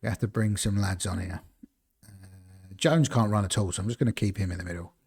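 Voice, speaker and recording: A man with a fairly low voice talks his way through a football management game on a live stream. He rambles in a relaxed, chatty way, musing aloud over team picks and breaking off to greet his viewers. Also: brisk, creaky, breathy edge. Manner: rambling, chatty, talks to chat between choices. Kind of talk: casual live-stream commentary.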